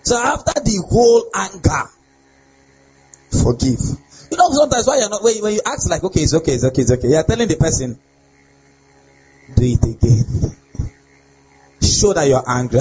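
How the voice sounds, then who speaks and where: A young adult man, a pastor, preaching a lively sermon on relationships and often asking his listeners if they get the point. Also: high voice, slightly rough. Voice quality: animated preaching with laughs and repeated rhetorical questions. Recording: dull lo-fi sound with faint ambience.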